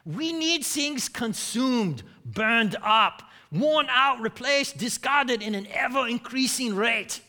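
A man's voice: very high voice, lively intonation, slow, hardly any pauses, pushed and bright, big-room sound, exaggerated voice. A man putting on a fake German accent to voice an economist quoted in a sermon. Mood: pronouncing. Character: stern old German economist prophet.

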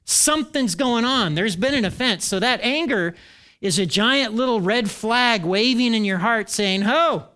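A middle-aged male pastor preaching a sermon in an animated way, acting out the voices he quotes. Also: sits high, a little slow, smooth.

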